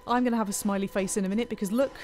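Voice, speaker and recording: A woman's voice: medium pitch, steady tone, very fast, darkish tone. A woman, chatting playfully while streaming a city-building game live, thanking viewers and talking to herself as she plays. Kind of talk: live-stream gameplay commentary.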